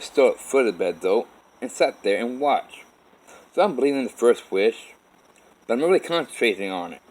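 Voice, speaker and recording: A man's voice: on the low side, poor audio. A man telling a personal story in a rambling, profane way, full of restarts. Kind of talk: personal story told to camera.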